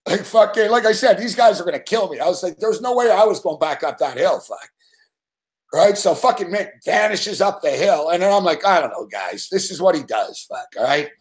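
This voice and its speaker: A man's voice: sits high, lively intonation, fairly quick. A man hosting a live sports betting show, telling a rambling story full of swearing and laughing at himself.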